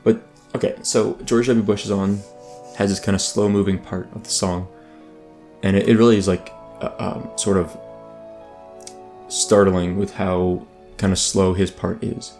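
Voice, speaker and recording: His voice is low and level, his pace measured, as he casually comments on an online game he's playing. The gaming YouTuber rambles with frequent ums and restarts while soft music plays behind him.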